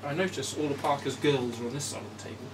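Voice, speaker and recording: A man's voice: mid-range voice, fairly even intonation, fast. A man chatting casually and swearing as he plays a tabletop game. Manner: sweary, grumbling banter. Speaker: podcast host playing a tabletop game. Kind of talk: casual chat. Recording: distant mic, noisy room ambience.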